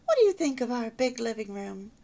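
A bright, chatty young bride in an old-fashioned storybook, her voice rising and falling with lively pride, as a woman reads her. The tone is a touch gravelly at the edges, eager and sweet. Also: on the high side, a little fast. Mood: proud, chatty. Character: cheerful young newlywed housewife, proud homemaker.

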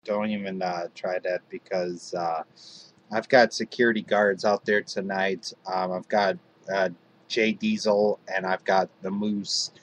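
Guy hosting a fan wrestling show, kinda low voice, lots of uhs and ums. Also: little pitch movement. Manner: halting, lots of fillers. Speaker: host. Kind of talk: hobby wrestling show chat.

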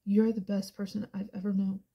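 Woman voicing a pleading young man lover, low dark tone, steady. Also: brisk, slightly rough. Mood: earnest. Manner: pleading, earnest.

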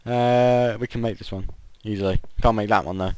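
A man's voice: on the low side, fairly even intonation, moderate pace, darkish tone, clean tone, no room sound. A man giving casual gameplay commentary, often groaning and yelping in frustration. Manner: frustrated, yelps and groans at failed jumps. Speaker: gaming channel host.

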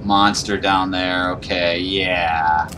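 A gaming YouTuber plays a horror game while giving nervous, panicky running commentary to himself. His voice sits low with a flat, slow delivery over a noisy background.

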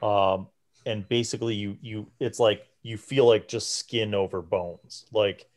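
Laid-back slow-talking male game master. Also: on the low side, steady tone. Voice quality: many fillers and restarts, easygoing. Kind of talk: narrating a tabletop game.

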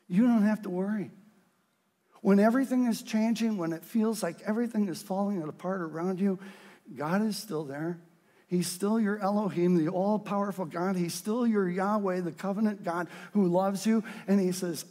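High-voiced male pastor, earnest sermon rising to shouts, reverberant hall. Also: normal speed. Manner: swings from quiet earnest talk to fervent shouted scripture.

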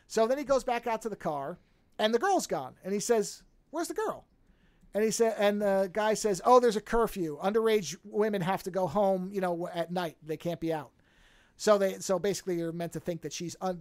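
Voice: medium pitch, darkish tone, no room sound. A podcast host casually recapping a film, rambling and swearing freely while acting out the characters' lines. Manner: profane, rambling storyteller who acts out quoted lines.

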